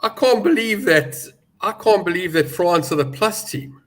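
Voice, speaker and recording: A man's voice: sits high, expressive, moderate pace, a bit bright. A man giving betting opinions as a pundit, confident and emphatic, with some joking. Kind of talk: casual sports betting chat.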